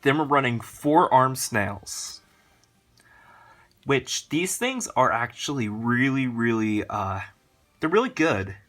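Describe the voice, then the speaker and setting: Rushed, rambling man explaining a deck. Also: mid-range voice, lively intonation, a bit bright. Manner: rushed, rambling, lots of fillers. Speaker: card game channel host. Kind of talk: casual deck walkthrough.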